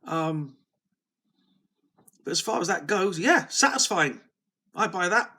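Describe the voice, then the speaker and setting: A man's voice: sits high, lively intonation, takes it slowly, pushed and bright. A man hosting a casual solo video, rambling and self-deprecating as he talks, often restarting his sentences. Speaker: video host.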